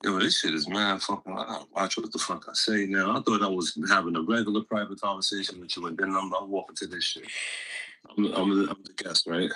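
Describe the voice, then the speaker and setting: A man's voice: low voice, steady tone, brisk, bright, forceful tone, breathy edge, rough recording. A man from City, a guest on a live stream, bantering in a blunt, profane, teasing way. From Jersey City. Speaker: guest on a livestream. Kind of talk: casual banter.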